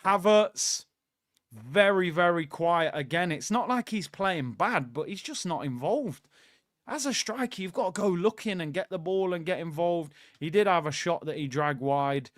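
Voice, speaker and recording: A man's voice: high-pitched, lively intonation, moderate pace, fairly bright tone, no room sound, studio quality. A man hosting a live football watchalong, talking casually and giving blunt opinions straight to his viewers. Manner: casual, opinionated, conversational, addresses viewers directly. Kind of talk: live watchalong commentary, reading out chat.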